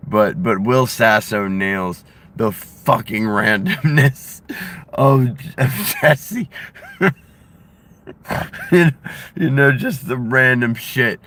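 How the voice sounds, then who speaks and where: A man in casual chat, excitable, laughing often and swearing casually. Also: mid-range voice, slow, long pauses.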